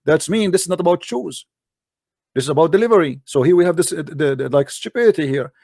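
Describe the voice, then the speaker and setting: Male host, heated debater, insistent, broken English, a bit high-pitched. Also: expressive, fast talker, gravelly, a little mellow, dry recording, studio quality.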